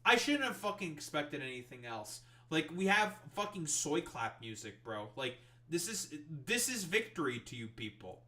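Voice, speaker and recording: A man's voice: fairly high pitch, big pitch swings, moderate pace, hardly any pauses, pushed and bright, slight background noise. A streamer man in a profane political rant, reading news aloud and mocking it with exasperation. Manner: exasperated, swears constantly, reads articles aloud then mocks them.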